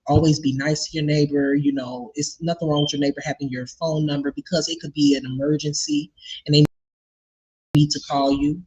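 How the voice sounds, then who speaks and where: A woman's voice: low-pitched, breathy edge, low-quality recording. A woman venting to her viewers in an indignant, profane, casual rant about a personal story. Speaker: vlogger telling a personal story.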